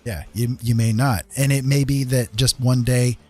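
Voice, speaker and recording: On a casual live stream, a man speaks in a mellow, medium-pitched, steady voice with faint music behind him. He's earnest and reassuring, but halting, with many fillers and restarts, and he's getting a little emotional.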